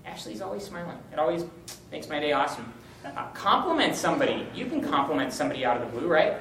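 A young man giving an informal, joking teaching talk to a college group, upbeat and animated. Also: a little high, fast, far from the mic. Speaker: campus ministry speaker. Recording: roomy, from the mic, faint hum.

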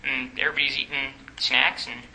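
A man's voice: medium pitch, flat delivery, brisk, bright, forceful tone, echoey room, poor audio. A young man on a campus ministry staff, teaching a Bible study in a conversational way, asking the group questions and joking.

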